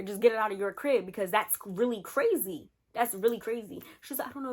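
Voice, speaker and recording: A woman's voice: medium pitch, fast talker, hardly any pauses. A young adult woman, telling a storytime tale casually and acting out the lines of friends and a boyfriend. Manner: animated, acts out friends' and a man's lines in quotes. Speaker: storytime vlogger.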